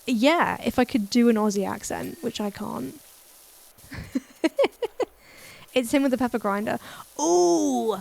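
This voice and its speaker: A woman's voice: fairly high pitch, measured pace, gravelly, long pauses. A woman streaming a game, chatting casually, giggling and reading chat aloud, her voice a little worn. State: voice a bit worn.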